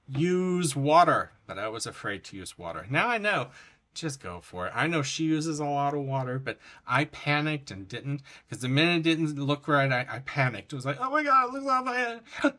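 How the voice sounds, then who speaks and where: A man's voice: medium pitch, pushed and bright. A man hosting a coloring channel, chatting in a rambling, effusive way about his finished pages. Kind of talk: casual chat showing finished coloring pages.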